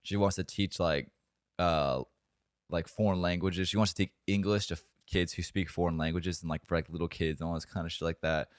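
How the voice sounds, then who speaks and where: A young man with a very low voice tells a story on a podcast, wandering through fillers and swearing as he goes. The sound is dry and close, with no room around it. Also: steady tone, brisk, smooth, no room sound. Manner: rambling, profane storytelling with many fillers. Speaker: podcast co-host. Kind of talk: casual storytelling chat.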